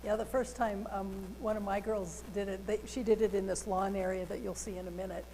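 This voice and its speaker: A woman's voice: mid-range voice, flat delivery, a little fast, mellow, in a large hall, a little hiss or hum, low-quality recording. A woman co-presenting at a library talk, telling anecdotes in a conversational way. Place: public library meeting room.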